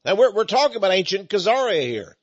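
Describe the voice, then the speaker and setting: Give me a high, husky East Texan man preaching on lo-fi audio. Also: sing-song, quick pace. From Texas. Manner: folksy, emphatic. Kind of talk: preaching monologue.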